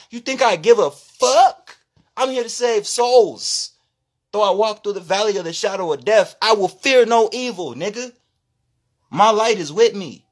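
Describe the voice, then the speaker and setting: A man giving an impassioned, profane live-stream rant as a spirituality content creator, loud and preachy, dropping from shouts to low asides.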